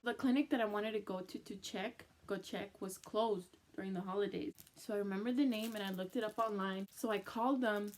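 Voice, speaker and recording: A woman's voice: mid-range voice, steady tone, a little fast, few pauses, darkish tone. Twenty-something woman doing a storytime vlog, says like a lot, switches into spanish bits, a little teary. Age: 20s. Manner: chatty, full of "like", mixes in Spanish phrases. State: teary after crying. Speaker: vlogger. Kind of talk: emotional storytime.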